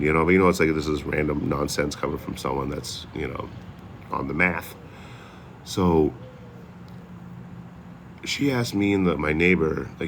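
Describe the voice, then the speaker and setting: A man's voice: very deep voice, moderate pace, creaky, long pauses, fairly bright tone, a little hiss or hum. A man who travels for social media, telling a long story in a loose, rambling, profane way, acting out what others said. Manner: loose, profane, rambling with many "you know"s. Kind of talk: casual storytelling.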